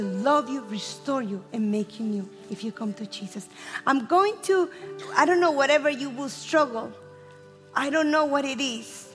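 A woman preacher with a Spanish accent, a native Spanish speaker, giving a fast, impassioned evangelistic sermon that drops to hushed pleading. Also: sits high. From Spanish-speaking country. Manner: fast-talking, impassioned, swings from loud to hushed. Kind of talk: evangelistic sermon with altar call. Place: church hall. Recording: long hall reverb with soft music. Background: musicians playing softly.

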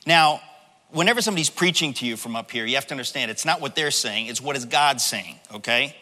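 Bright-voiced preacher in an echoing hall. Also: male voice, medium pitch, fast. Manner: animated, dramatizing, conversational. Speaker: pastor. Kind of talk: sermon. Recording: long hall reverb.

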